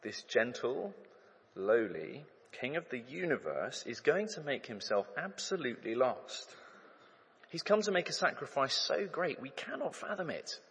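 A man preaches a sermon in a lively, swooping voice with a husky edge. He speaks casually and tells stories, acting out the crowd's shouts. His voice rings with the long reverb of a big hall. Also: mid-range voice, unhurried. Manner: animated, conversational storytelling with acted-out crowd shouts.

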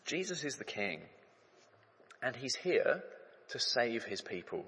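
A man preaches a sermon in a lively, swooping voice with a husky edge. He speaks casually and tells stories, acting out the crowd's shouts. His voice rings with the long reverb of a big hall. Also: mid-range voice, takes it slowly, pauses often. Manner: animated, conversational storytelling with acted-out crowd shouts.

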